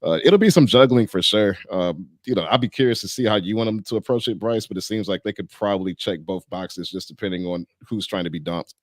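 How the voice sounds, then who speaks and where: A man from Detroit co-hosting a basketball podcast as a sports writer, talking in a measured, analytical way. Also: fairly low pitch, dry recording. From Detroit, USA. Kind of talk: casual sports podcast chat.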